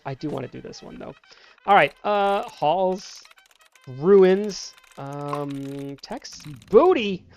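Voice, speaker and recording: A man's voice: on the high side, lively intonation, takes it slowly, gravelly, darkish tone. Playful man scolding game characters. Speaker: gameplay streamer. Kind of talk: casual let's-play commentary.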